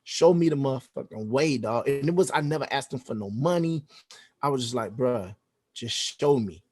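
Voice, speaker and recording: Animated man telling a story, slang-heavy. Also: medium pitch, moderate pace. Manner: animated, acts out quoted dialogue, heavy slang and swearing. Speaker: podcast guest. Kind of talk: casual storytelling interview.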